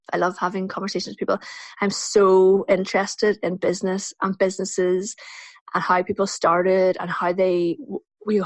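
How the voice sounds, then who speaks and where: A woman's voice: mid-range voice, no echo. Chatty Northern Irish woman podcaster. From Northern Ireland. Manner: chatty, warm-hearted, laughs often. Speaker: podcast host. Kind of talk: solo podcast answering listener questions. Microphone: USB desk microphone.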